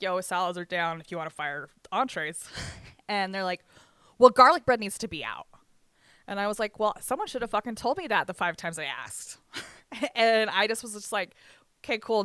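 A casual storyteller with a smooth, clear voice, recorded close and dry with no room sound. They swear freely and slip into other people's voices as they retell a story. The pitch sits mid-range. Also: normal speed, sharp tone, no room sound. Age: adult with ten years of banquet work. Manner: swears freely, acts out quoted dialogue, frequent laughs.

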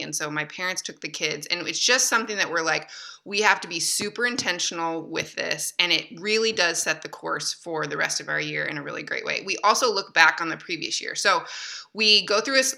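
A woman's voice: on the low side, brisk, gravelly, bright, forceful tone. A woman in her thirties, a podcast guest, telling stories in a chatty way with frequent laughs and fillers. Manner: chatty, laughs often, lots of fillers and restarts. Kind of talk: casual conversational storytelling.

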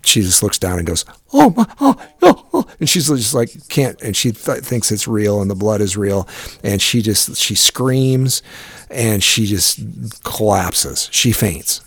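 A man's voice: on the low side, unhurried, fairly bright tone, no room sound. A middle-aged man telling a long story in casual chat, rambling and profane, with many restarts and fillers.

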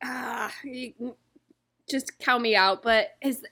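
A giggly, teasing woman chatting on a podcast. Her voice sits high and bright, and she takes her time over her words. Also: takes it slowly. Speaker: podcast co-host. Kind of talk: casual chat.

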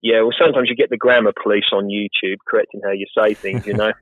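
A professional gardener appears as an interview guest, speaking fast in a lowish, steady voice. He's chatty, rambles a bit, and pokes fun at himself. The line is tinny and phone-like, dry with no echo.

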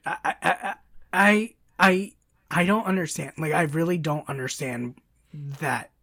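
Brief: excitable podcast co-host, woman, raspy with fry. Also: low-pitched, measured pace, no room sound, studio quality. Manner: excitable, chatty, many fillers and restarts. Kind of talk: casual chat.

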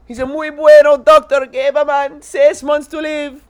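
A man putting on a loud, hammy stand-up comedian, shouting cornball punchlines. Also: extremely high pitch, flat delivery, moderate pace, pitched above the performer's own voice. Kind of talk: mock stand-up routine.

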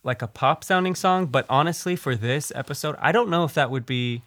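A man's voice: a little high, brisk, fairly bright tone, dry recording. Rambling male podcast co-host. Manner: rambling, many restarts and fillers. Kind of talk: casual podcast chat.

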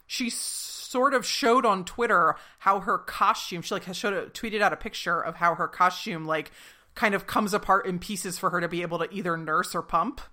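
A woman in her thirties co-hosts a casual podcast recapping a TV episode, chatting away and retelling scenes in playful quoted voices. Her voice is fairly low, bright and forceful, at a normal speed.

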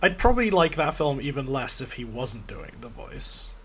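A man's voice: mid-range voice, sing-song, moderate pace, a bit bright. A man hosting a casual film podcast, wry and jokey, often laughing. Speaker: podcast host.

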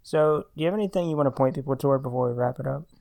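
A man's voice: medium pitch, racing, vocal fry, a little mellow. A man hosting a podcast, chatting casually with dry, wry humor. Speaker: podcast host. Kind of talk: casual chat.

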